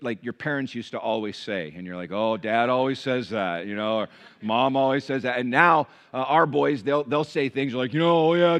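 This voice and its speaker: A man's voice: on the high side, pushed and bright. A man from the United States preaching to his congregation as pastor, building his points with rising emphasis and direct questions to the church. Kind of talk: sermon.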